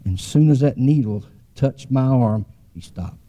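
A man's voice: medium pitch, expressive, moderate pace, warm tone. A man, preaching a sermon as a folksy, rambling story with frequent restarts.

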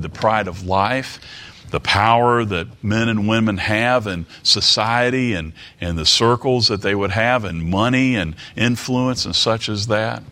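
A middle-aged man preaching a sermon, slow and deliberate, repeating words for emphasis and asking the congregation rhetorical questions. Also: lowish voice, sharp tone.

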